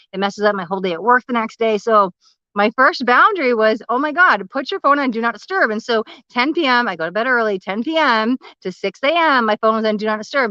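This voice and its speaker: A woman talks to her livestream in a candid, emotional way, sharing her own story as a life coach. Her voice is bright and forward, heard close and dry. The audio is a little dull and lo-fi. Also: medium pitch, no echo. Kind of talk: livestream talk. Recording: slightly muffled, lo-fi livestream audio.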